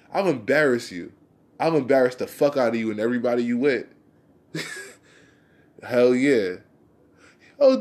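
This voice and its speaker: A young man ranting in a casual monologue, heated and profane, rambling with restarts. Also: medium pitch. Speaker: vlogger.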